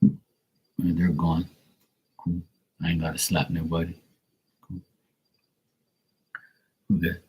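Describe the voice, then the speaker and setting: A man's voice: sits low, completely flat delivery, slow, long pauses, a little mellow, slightly rough, rough recording. A man chatting casually with viewers on a live tarot stream, blunt and full of swearing. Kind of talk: casual livestream chat.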